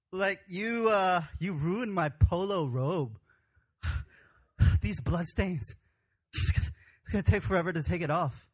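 A man's voice: high voice, slow pace, pauses often. A man playing young Isaac, complaining in an exaggerated, comic way. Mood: comic outrage.

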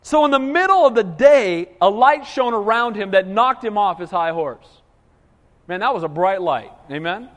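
A man with a high voice preaches with animated, call-and-response energy. His sermon rings out with a long hall reverb, as if in a church sanctuary. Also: moderate pace. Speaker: pastor.

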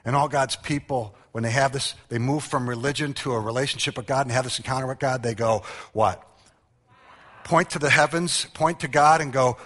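A man preaching a sermon, reading scripture quietly and then calling out to the congregation with animated emphasis. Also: a little high, moderate pace, in a large hall. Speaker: pastor.

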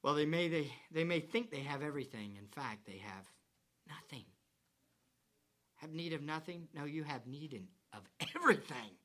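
A male pastor delivering a sermon with a bright, lively voice that leaps around in pitch. He drops to near-whispers, then surges into loud, drawn-out emphasis on key words. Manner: swings from hushed whispers to loud emphatic declaration; stretches words slowly for emphasis.

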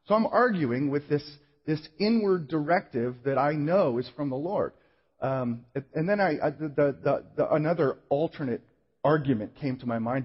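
A man's voice: a little high, expressive, moderate pace, slightly rough. A man preaching as a pastor, telling a personal story in an earnest, self-deprecating way with frequent restarts. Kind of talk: sermon storytelling. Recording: echoey hall, muffled sound.

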